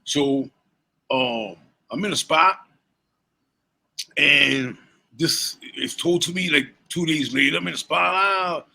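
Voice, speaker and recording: A man's voice: a little high, slow pace, creaky, pauses often, poor audio. A man in his forties, a rapper and DJ, telling stories in a casual interview, swearing freely and laughing between lines. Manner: profane, animated storyteller who laughs between lines.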